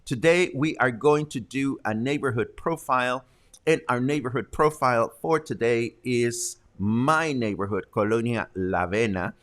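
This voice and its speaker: A man's voice: mid-range voice, normal speed, a bit bright. A man hosting a local talk show, casually explaining slang with jokes and asides. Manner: chatty, joking, explains slang.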